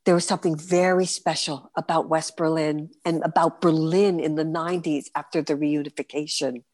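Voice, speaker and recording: Speaking at a moderate pace in a deep voice, a fifty-something woman with a New York accent tells lively, vivid stories. She's from New York City and appears as a guest performer being interviewed on a podcast.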